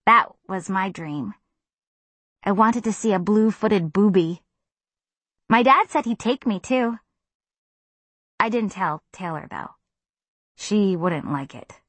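A woman's voice: medium pitch, lively intonation, takes it slowly, long pauses, a bit bright, no room sound. A woman narrating a first-person audiobook in a wry, confiding manner.

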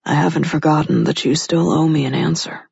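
A woman voicing a gruff, flirtatious male cop who speaks in a low, husky murmur. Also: steady tone, fairly quick, darkish tone, no echo, muffled recording, exaggerated voice. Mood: teasing.

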